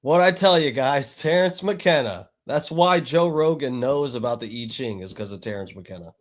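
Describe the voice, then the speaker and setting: A man's voice: medium pitch, expressive, normal speed. A man hosting a live stream, commenting on a clip in a casual, wisecracking way. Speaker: streamer host.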